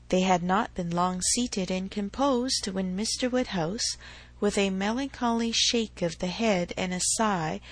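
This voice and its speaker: Husky-voiced woman reading a novel. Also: mid-range voice, poor audio. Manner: measured, even reading. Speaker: audiobook narrator. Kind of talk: scripted narration of a classic novel.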